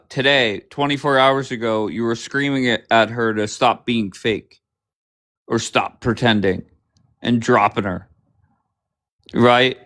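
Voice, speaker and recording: A man's voice: mid-range voice, a bit bright. Male livestream host, blunt and combative, peppers guests with profane questions. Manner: blunt, swearing, grilling guests with rapid questions. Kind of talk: confrontational livestream chat.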